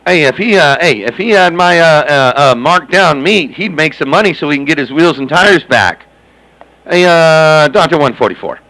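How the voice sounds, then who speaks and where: A man's voice: a little high, animated, moderate pace, pushed and bright, low-quality recording. A man chatting and joking over CB radio, repeating himself and calling out to other operators by handle. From Southern California.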